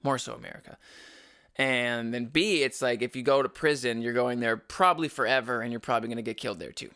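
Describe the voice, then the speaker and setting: A man's voice: medium pitch, quick pace, bright, forceful tone. A young adult man hosting a casual solo podcast, rambling and opinionated with frequent restarts. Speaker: podcast host.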